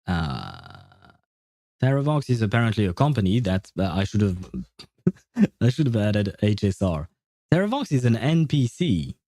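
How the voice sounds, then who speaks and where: A man's voice: medium pitch, mellow, no echo. A man streaming a game, chatting casually and thinking aloud with many fillers and restarts. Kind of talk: casual livestream chat.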